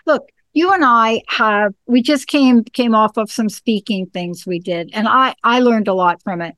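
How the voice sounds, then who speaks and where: A woman hosting a casual chat, lively and exclaiming, correcting herself with a laugh. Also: on the high side, unhurried, no room sound.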